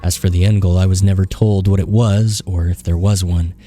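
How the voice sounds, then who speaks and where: A man's voice: sits low, flat delivery, a little fast, mellow, soft background music, close to an everyday voice. A man reading the lines of a young male suspect in a video game, answering in short, evasive replies. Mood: guarded. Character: quiet young man under police questioning.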